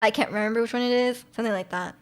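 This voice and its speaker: A woman from Vancouver rattles along rapid-fire with her stream viewers, her voice on the high side. She rambles and giggles, filling the talk with fillers.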